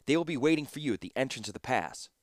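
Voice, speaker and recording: A man reading aloud, voicing a cunning, sharp-tongued woman commander with a silky, cutting delivery, his voice raised above his narrating pitch. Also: animated, quick pace, dry recording, studio quality, natural voice. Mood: cool commanding.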